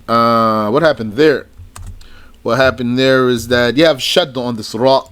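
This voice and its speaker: In a mid-range, slightly bright voice at a moderate pace, a man delivers a religious studies lesson as a slow recitation. Going through a list one entry at a time, he drops in short comments to explain each.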